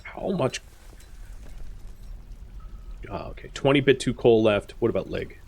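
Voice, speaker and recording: A man giving casual let's-play commentary, talking straight to the characters on screen, with excitable outbursts and quiet muttered asides. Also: mid-range voice, brisk, creaky. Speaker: gameplay commentator.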